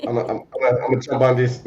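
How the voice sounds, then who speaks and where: A man's voice: mid-range voice, completely flat delivery, fast, darkish tone, highs cut off, slight background noise. A man in his thirties co-hosting a casual podcast chat, joking, laughing often and restarting his sentences. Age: 30s. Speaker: co-host.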